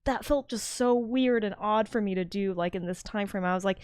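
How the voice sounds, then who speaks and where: A woman's voice: medium pitch, fairly quick, darkish tone, clean tone, dry recording, studio quality. A woman who works as an actor, co-hosting a casual podcast chat, frank and teasing with easy laughter.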